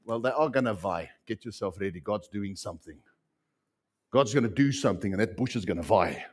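A man preaching a sermon as pastor, animated and repeating phrases for emphasis. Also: fairly low pitch, fairly quick.

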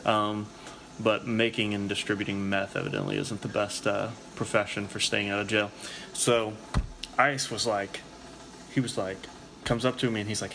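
This man's voice is low-leaning and gravelly, level in tone and moderately paced, with noise in the background. His long, meandering story is loose and profane, packed with the filler "like."

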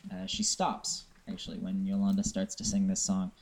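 A man narrating a tabletop game as game master, describing scenes with halting fillers. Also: low-pitched, completely flat delivery, a little mellow. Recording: echoey room with faint noise.

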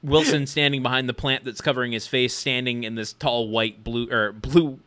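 Male podcast co-host, bright voice, dry wry recapper. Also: medium pitch, fairly even intonation, normal speed. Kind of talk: casual chat.

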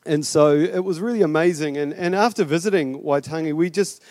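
A man's voice: fairly high pitch, a little fast, darkish tone, dry recording, studio quality. A middle-aged man with a New Zealand accent preaching a sermon as pastor, chatty and rambling with fillers and restarts.

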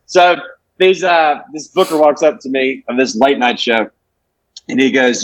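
A comedian, telling rambling, profane stories in a casual podcast chat. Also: male voice, medium pitch, normal speed, no room sound, poor audio. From Alabama. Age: 20s. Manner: profane, brash, rambling with restarts. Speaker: comedian guest.

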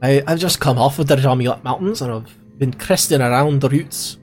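A man's voice: medium pitch, moderate pace, faint music behind, close to an everyday voice. A man doing a Scottish-brogued wandering crow woman. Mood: wistful. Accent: put-on heavy Scottish brogue. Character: pale gothic wandering woman who befriends crows. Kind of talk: tabletop role-play character voice.

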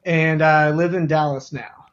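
A man from West Texas with a softened Texan accent talks in a high voice. As a podcast guest, he tells easygoing stories. The sound is slightly dull. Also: steady tone, a little slow. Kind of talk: casual podcast chat.

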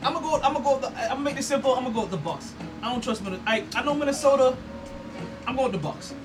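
A man's voice: very high voice, lively intonation, very fast, faint music behind. A man co-hosting a sports podcast, easygoing, leading the game picks in casual chat. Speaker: podcast co-host running the picks. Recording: distant from the mic.

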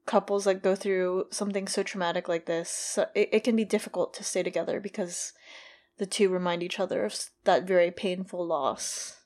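A woman co-hosting a podcast, talking casually and thoughtfully about a TV episode with quick asides. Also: on the low side, steady tone, darkish tone. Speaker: podcast co-host. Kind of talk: casual chat recapping a TV episode.

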